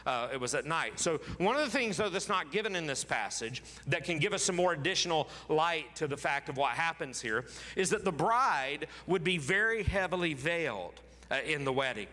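A man's voice: on the high side, lively intonation, moderate pace, pushed and bright, big-room sound. A man preaching a sermon, reading scripture aloud dramatically and repeating phrases for emphasis. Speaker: pastor.

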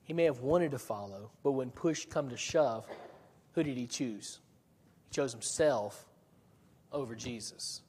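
A man's voice: medium pitch, unhurried, long pauses, a little mellow, husky, in a large hall. A man preaching a sermon in a church, talking in a conversational way with frequent restarts and rhetorical questions. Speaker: pastor.

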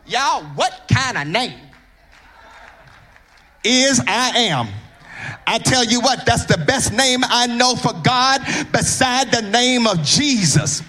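A man from Mississippi, preaching a fervent sermon in a church that swells into sung whooping and shouts. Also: very high voice, expressive, takes it slowly.

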